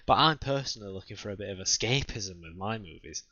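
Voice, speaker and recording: A man's voice: on the low side, animated, fast, bright, forceful tone, dry recording, dull audio. A man co-hosting a casual podcast, blunt and opinionated, arguing about films and laughing often. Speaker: podcast co-host. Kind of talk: casual argumentative chat.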